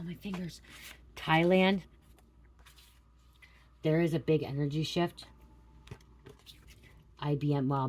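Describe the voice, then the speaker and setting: A woman's voice: sits low, a little mellow, slight background noise. A woman giving a psychic reading to her viewers from home, talking in a repetitive, stream-of-consciousness way and calling out names as they come to her. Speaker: psychic card reader.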